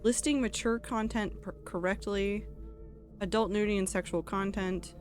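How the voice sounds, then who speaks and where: A woman's voice: mid-range voice, steady tone, moderate pace, soft background music. A woman streaming a game, chatting casually and rambling with lots of fillers. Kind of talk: casual live-stream chat while gaming.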